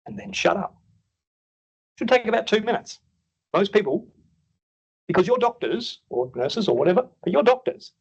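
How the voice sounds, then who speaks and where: A man's voice: high voice, expressive, moderate pace, gravelly, pauses often, breathy edge, lo-fi sound. An Australian man teaching clinical staff, chatty and blunt, acting out patient dialogue as he goes. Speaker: clinical nurse educator. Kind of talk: workshop teaching.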